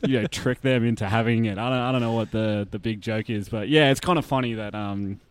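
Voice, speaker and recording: A man with an Australian accent, chatting as a podcast guest, lively with lots of fillers and laughs. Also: fairly low pitch, fairly quick, clean tone. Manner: chatty and animated, many fillers, laughs often. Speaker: guest, brewery tour operator. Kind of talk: casual podcast interview.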